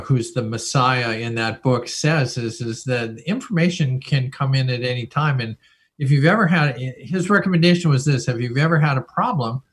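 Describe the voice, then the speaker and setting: A man's voice: medium pitch, fairly bright tone. An older man hosting a casual podcast chat, talking loosely with lots of fillers and restarts. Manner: chatty, many fillers and restarts. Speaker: host.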